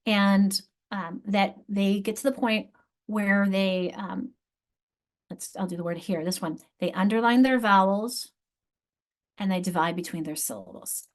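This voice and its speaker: A woman's voice: medium pitch, measured pace. A middle-aged woman giving a teacher training presentation, explaining literacy steps aloud and often correcting herself. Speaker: literacy instructor.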